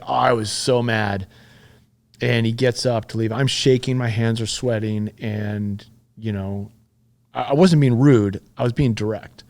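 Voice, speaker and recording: A man's voice: medium pitch, fairly even intonation, a little slow, darkish tone. Blunt, profane man telling a story. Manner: blunt and profane, retelling events with heat. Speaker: podcast guest. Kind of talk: conversational storytelling.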